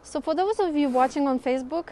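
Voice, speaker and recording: A woman's voice: sits high, fast talker, warm tone, slight background noise. A woman hosting a vlog, chatting casually and laughing often as she walks up outdoor hillside stairs. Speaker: vlog host. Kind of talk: casual chat while hiking.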